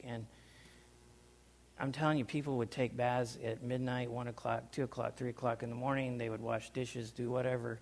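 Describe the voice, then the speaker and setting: A man telling a personal story to a small group, animated, with loudness swinging up and down and sounds acted out. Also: medium pitch, normal speed, slight background noise. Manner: animated, loudness rising and falling, acts out sounds. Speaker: speaker recounting life overseas.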